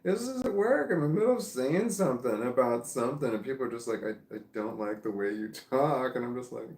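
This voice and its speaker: A Midwestern man with a Midwestern accent, high and tired, reading chat messages aloud on a casual livestream, mumbling and breaking into laughter. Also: expressive, fairly quick, darkish tone, echoey room. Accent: American Midwestern. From American Midwest.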